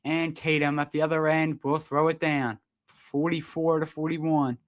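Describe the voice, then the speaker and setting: A man doing live fan play-by-play of a basketball game, partisan and quick to protest the referees' calls. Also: on the high side, little pitch movement. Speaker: sports streamer doing play-by-play.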